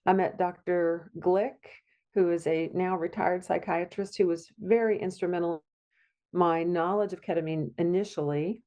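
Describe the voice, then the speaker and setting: A woman's voice: on the low side, fairly even intonation, moderate pace, dark tone, highs cut off. Heartfelt middle-aged woman guest. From Virginia, USA. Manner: heartfelt, rambling with restarts. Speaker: guest, psychiatric nurse practitioner. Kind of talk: conversational interview.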